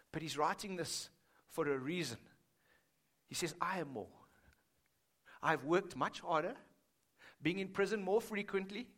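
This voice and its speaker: A man's voice: sits high, sharp tone. A man preaching a sermon as pastor, chatty and joking, speaking straight to his congregation. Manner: conversational, joking, addresses congregation directly.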